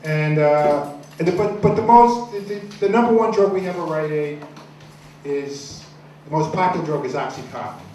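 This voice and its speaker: A man doing a stand-up comedy set, telling crude stories in a rambling, deadpan way with many restarts. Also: a little high, moderate pace. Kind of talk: stand-up set at an open mic. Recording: echoey room, far from the mic, noisy.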